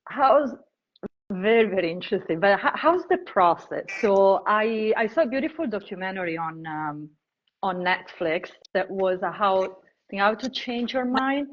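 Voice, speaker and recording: A woman interviewer with an Italian accent, asking questions in a lively, halting way with frequent restarts. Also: medium pitch, highs cut off, slight background noise. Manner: animated, halting, many restarts and "like" fillers. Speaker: interviewer, host. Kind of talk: casual interview chat.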